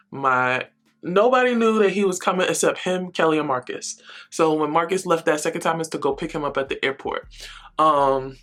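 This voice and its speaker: A woman in her thirties chatting through a casual storytime while getting ready, heavy on "like" and "um", jumping her voice up high to act out what people said. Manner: chatty, animated, acts out quoted voices with big pitch jumps; filler-heavy, lots of "like" and "um". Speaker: beauty vlogger.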